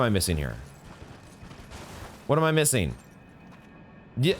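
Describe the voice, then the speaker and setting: A man's voice: mid-range voice, wildly swooping pitch, slow, long pauses, slight background noise. A man giving live commentary on a video game he is playing, exasperated, swearing and restarting his sentences, with game music behind him. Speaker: gaming streamer.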